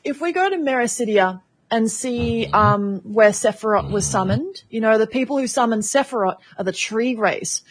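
A woman co-hosting a casual community show, chatty and quick to laugh. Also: fairly high pitch, animated, slight background noise. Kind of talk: casual chat.

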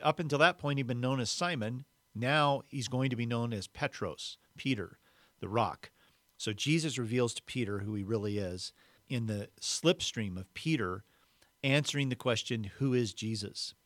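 A man's voice: mid-range voice, normal speed, fairly bright tone, dry recording. A man hosting a podcast, giving a devotional teaching in a reflective way and repeating key words for emphasis. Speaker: podcast host.

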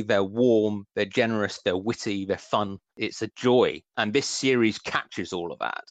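A man's voice: lowish voice, dry recording. Enthusiastic man with a West Country accent. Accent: West Country English. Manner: enthusiastic, chatty, with frequent restarts. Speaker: author and guest. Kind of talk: radio interview, casual chat.

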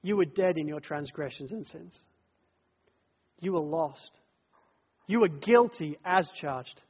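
A man preaching a sermon, telling the story dramatically, swelling from hushed lines to loud ones and repeating phrases in threes. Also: fairly high pitch, slow, slightly rough, big-room sound, dull audio.

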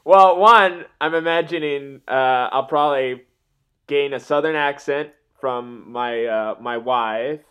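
A young man co-hosting a casual podcast chat, joking and rambling through quick asides. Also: medium pitch, sharp tone, clear, resonant tone. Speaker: podcast co-host.

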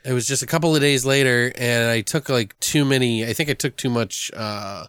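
A man's voice: mid-range voice, moderate pace, fairly bright tone, clean tone, dry recording, clean studio sound. Swearing, rambling man host. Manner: rambling, profane, joking. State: recovering from illness. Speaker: podcast host. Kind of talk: casual chat.

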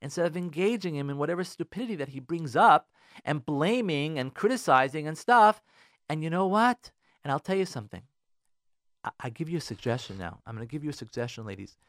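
A man a high, lively voice gives advice on air, repeating his points to hammer them home. The studio sound is dry and close. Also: fairly quick, no room sound. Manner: emphatic, repeats phrases for stress. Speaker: radio relationship advice host. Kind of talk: advice talk to listeners.

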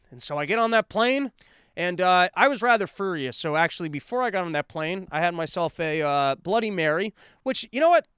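A man hosting his own podcast alone, telling a comedic ranting story that swings between calm asides and near-shouting. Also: sits high, clean tone, dry recording, clean studio sound. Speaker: podcast host. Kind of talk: solo comedic rant. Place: apartment.

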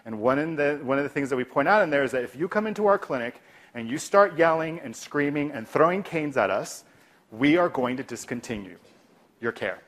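Fairly high-pitched and fairly quick, this clinician gives a lively lesson on defusing conflict. Now and then he lowers to a soft, composed voice to show how he'd respond.

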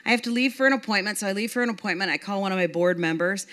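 A woman who runs a nonprofit, telling a story in a lively way and acting out what other people said. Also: medium pitch, very fast. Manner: animated, acts out other people's lines in dialogue. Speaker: nonprofit leader. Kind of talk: storytelling talk.

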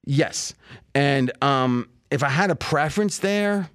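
A man's voice: on the high side, expressive, slow, a bit bright, a little hiss or hum. Rambling male sports betting host. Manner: rambling, thinks aloud with many fillers and restarts. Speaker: podcast host. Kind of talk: casual sports betting chat.

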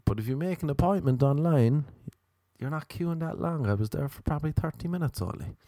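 A man from Ireland doing a crude, comedic monologue as a podcast host, storytelling with big animated swings. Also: a little high, brisk, no room sound.

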